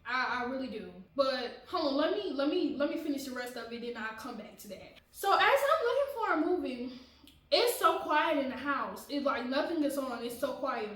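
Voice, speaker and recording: A woman's voice: high voice, animated, normal speed, fairly bright tone, echoey room, recorded from a distance, low-quality recording. A woman vlogger telling a personal story in a casual, dramatic way, often laughing and talking straight to her viewers.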